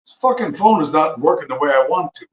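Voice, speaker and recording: A man's voice: a little high, animated, fast talker, reverberant, poor audio. Profane, heated man ranting on a livestream. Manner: profane, heated, repeats phrases for emphasis. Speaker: livestream host. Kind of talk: angry profane rant on a livestream.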